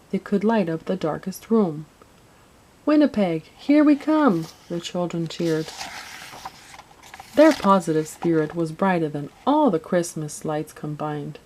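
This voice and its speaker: Woman reading a kids christmas story, lowish voice, gentle storybook telling. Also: low-quality recording. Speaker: narrator.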